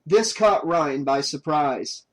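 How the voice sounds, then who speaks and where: A man narrating an audiobook in a steady, even reading voice. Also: on the high side, slow, low-quality recording. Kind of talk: scripted narration.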